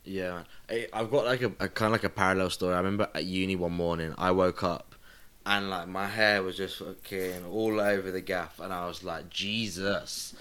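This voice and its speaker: A man's voice: low-pitched, steady tone, a little fast, fairly bright tone, smooth. A man hosting a podcast, chatting casually and rambling through a story with loose swearing. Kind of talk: casual chat.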